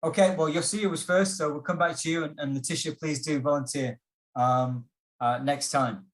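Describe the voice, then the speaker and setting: A patient instructor leads an online test-prep workshop over a video call. The delivery is slow and measured, inviting and encouraging. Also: mid-range voice, steady tone.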